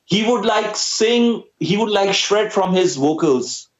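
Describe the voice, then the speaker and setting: Young Pakistani-accented man, Urdu native, musician guest; slightly high voice, hesitant, echoey muffled audio. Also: expressive, takes it slowly. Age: young adult. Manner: hesitant, many uh fillers. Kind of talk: casual interview talk.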